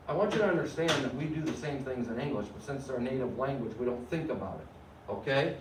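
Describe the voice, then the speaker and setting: A man's voice: mid-range voice, animated, a little fast, noisy background. A man teaching a Spanish class, explaining grammar step by step and often checking that students follow. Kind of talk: classroom lecture. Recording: echoey room, mic at a distance.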